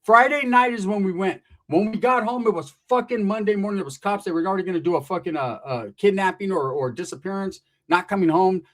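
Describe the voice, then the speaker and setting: A man spins a wild tale in casual, profane talk, swearing freely and never letting the story stall. His slightly high, somewhat bright voice moves quickly with hardly any pauses, and he keeps slipping into acted quotes before jumping back in.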